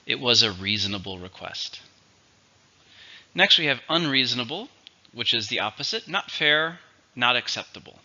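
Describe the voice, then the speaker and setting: A man teaching an English vocabulary lesson, pronouncing words slowly and carefully for learners. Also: mid-range voice, sing-song, bright, forceful tone. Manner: slow, careful pronunciation drills. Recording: dull lo-fi recording.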